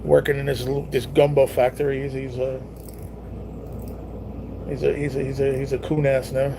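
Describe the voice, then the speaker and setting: Laid-back streamer, young man, gravelly, teasing, with faint hiss behind. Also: mid-range voice, little pitch movement, a little slow. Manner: laid-back, swears freely, teases viewers. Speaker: live-stream host reading viewer chat. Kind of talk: casual live-stream chat.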